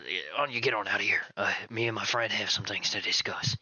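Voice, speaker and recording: A man's voice: lowish voice, steady tone, fast talker, sharp tone, husky, no room sound, exaggerated voice. Man doing a shady whispering junk merchant. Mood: dismissive. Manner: slick, half-whispered, wheedling. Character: shady, gruff male junk merchant with rotten teeth.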